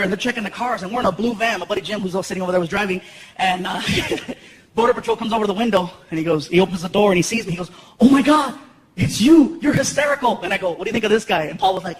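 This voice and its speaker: A stand-up comedian from Los Angeles telling stories in an animated way and acting out characters with loud shouts. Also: male voice, high-pitched, a little hiss or hum. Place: large comedy venue. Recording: live stage mic with loud roaring crowd. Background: loud audience laughter and applause.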